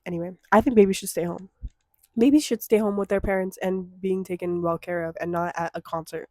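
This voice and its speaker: A young woman in her twenties chatting casually to her viewers, swearing freely and slipping into mock-outraged rants between relaxed stretches. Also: lowish voice, fast talker, dry recording, clean studio sound. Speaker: vlogger. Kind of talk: casual chat to camera.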